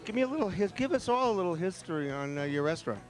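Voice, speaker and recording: A man hosting a restaurant show, his voice on the higher side as he rattles off quick, eager questions. Faint music plays behind him at the party. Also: very animated. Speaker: restaurant show host interviewing. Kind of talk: casual on-location interview.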